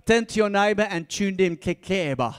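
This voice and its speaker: A man preaching a sermon, swinging between soft asides and loud, repeated calls, often laughing and stumbling over his words. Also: high-pitched, lively intonation, normal speed, smooth. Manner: laughs often, stumbles and restarts when fired up. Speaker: pastor.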